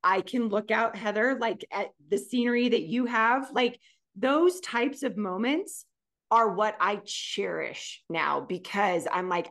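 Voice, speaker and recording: A woman's voice: medium pitch, lively intonation, measured pace, a bit bright. A middle-aged woman co-hosting a podcast, talking in a heartfelt, gushing way. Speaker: podcast co-host. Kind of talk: casual chat.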